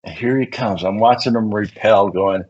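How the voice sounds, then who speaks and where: An older man with a husky, slightly low voice tells animated police stories. His recording sounds a little muffled and lo-fi. He slips into the voices of the people he quotes as he goes. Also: moderate pace. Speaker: guest, retired police SWAT negotiator. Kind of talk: casual storytelling.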